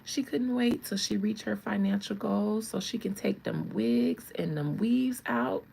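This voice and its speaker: Chatty woman with a gravelly edge. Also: medium pitch, unhurried, a little hiss or hum, low-quality recording. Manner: animated, chatty, laughs often, addresses viewers directly. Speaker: channel host. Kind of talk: casual celebrity commentary.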